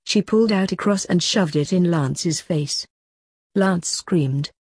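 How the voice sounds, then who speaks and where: A woman reads a short story aloud in plain, even narration. Her voice is low, warm and husky, and the recording is dry and close. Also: takes it slowly, dry recording.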